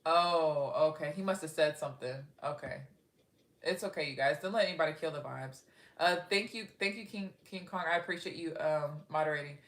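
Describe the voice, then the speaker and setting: A woman's voice: low voice, brisk, reverberant. A young woman from Texas casually chatting on a livestream, reading viewer comments aloud and often giggling. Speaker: livestream host.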